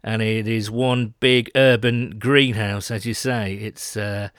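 A man's voice: fairly low pitch, fairly even intonation, slow, a bit bright, no room sound, clean studio sound. A British man co-hosting a podcast, chatting casually and self-mockingly with lots of fillers. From Britain. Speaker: podcast co-host. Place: home, London.

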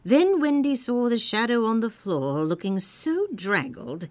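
A woman narrating a children's story in a playful, expressive reading. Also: fairly high pitch, unhurried, no echo.

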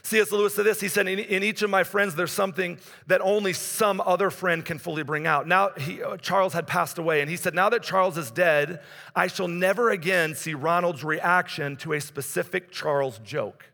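A man's voice: high-pitched, moderate pace, gravelly, sharp tone. A man in his forties preaching a conversational sermon in a church. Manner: conversational preaching, rises and drops in intensity. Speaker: pastor. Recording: long hall reverb.

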